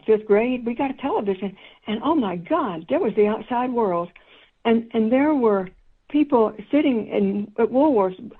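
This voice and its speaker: A woman in her seventies from South Carolina, a guest calling in who talks fast and earnestly, repeating words. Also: mid-range voice, breathy edge. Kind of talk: call-in interview. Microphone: phone. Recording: tinny phone line.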